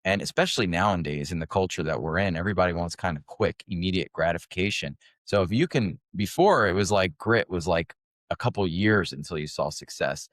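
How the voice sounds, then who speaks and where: A man in his forties, a podcast guest, talking casually with lots of fillers and lively anecdotes. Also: low voice, a little fast, dry recording, studio quality. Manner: conversational, animated anecdotes, many fillers. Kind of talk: casual interview talk.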